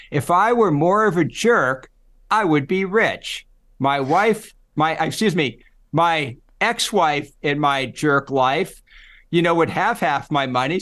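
A middle-aged man with a slightly high voice talks easily in an interview, explaining ideas through lively stories. He slips into quoted voices as he goes. The tone stays relaxed and conversational. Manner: animated storyteller, acts out quoted voices. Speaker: psychology professor guest.

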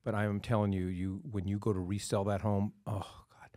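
A man hosting a real estate podcast, telling a story in an animated, emphatic way. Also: lowish voice, brisk, dry recording, clean studio sound. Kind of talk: casual chat.

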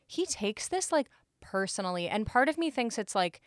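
A woman's voice: on the high side, very animated, moderate pace, dry recording, clean studio sound. A young woman co-hosting a podcast, recapping a movie in casual chat, full of "like" and acted-out quotes. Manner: chatty, fillers of "like", acts out quotes. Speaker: podcast co-host.

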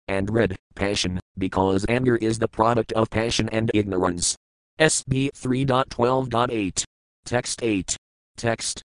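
Man reading scripture aloud, measured and dry. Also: medium pitch, no room sound, poor audio. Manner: measured, methodical recitation of verse, word meanings and commentary. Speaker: scripture reader. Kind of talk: reading scripture verses with translations.

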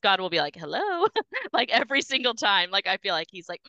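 A woman's voice: medium pitch, expressive, quick pace, sharp tone, clean tone, no room sound, dull audio. A woman hosting a faith podcast, chatty and encouraging as she affirms her guest. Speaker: podcast host. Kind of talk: casual faith talk.

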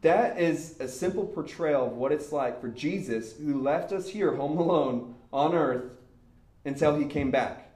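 A young man preaching in a casual storytelling way, animated and laughing as he acts out the people in his story. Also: a little high, a little slow. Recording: echoey room.

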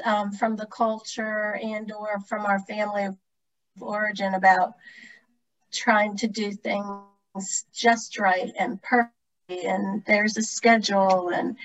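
A soft-spoken woman priest, sharing reflections hesitantly in a video call discussion. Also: medium pitch, dull audio.

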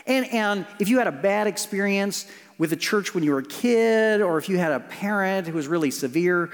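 A man preaching a sermon as pastor, telling stories with restarts and moving between lively and hushed passages. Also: high-pitched. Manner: storytelling with frequent restarts, swinging between animated and hushed. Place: church sanctuary. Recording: long church reverb.

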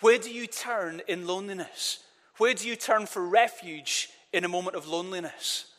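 A man's voice: sits high, normal speed, fairly bright tone. A man preaching a sermon in an earnest voice, often repeating words and leading the congregation in call-and-response. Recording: long reverb of a church hall.

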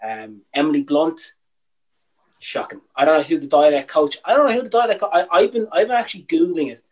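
A man's voice: fairly high pitch, fairly quick, rough recording. A young Irish man co-hosting a casual podcast, opinionated and ranting, with some swearing. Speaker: podcast co-host.

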